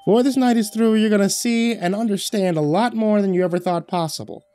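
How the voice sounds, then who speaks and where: A man's voice: high voice, dark tone, voice pushed up, close to an everyday voice. A man voicing a nervous, urgent man who hurries his companion along, in a spoken horror story. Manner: hurried, pressing.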